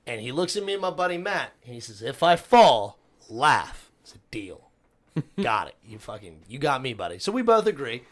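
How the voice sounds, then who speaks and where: A man's voice: medium pitch, fairly quick. A man on a podcast, cursing freely and acting out the people in a rowdy story. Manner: profane, animated storyteller who acts out the people in his stories. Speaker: co-host. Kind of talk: casual podcast chat.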